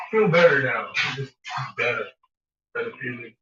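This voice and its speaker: A man rambling and cursing through a casual home cooking vlog, his pitch swinging widely as he talks to his dogs. The sound is dull and lo-fi, with loud noise running underneath. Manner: profane, rambling, jumps to a high excited voice when talking to the dogs. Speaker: home cook vlogger. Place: home kitchen.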